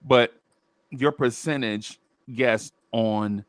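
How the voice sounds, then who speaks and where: A man's voice: mid-range voice, drawn-out words, smooth, no echo, clean studio sound. A man co-hosting a casual sports talk show, laid-back and talking in loose restarts. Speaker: podcast co-host.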